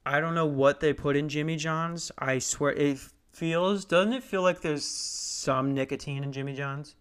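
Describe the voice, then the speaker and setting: A man's voice: a little high, a little slow, fairly bright tone, clean tone. Profane ranting young man comedian. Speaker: stand-up comedian. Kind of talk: stand-up comedy storytelling.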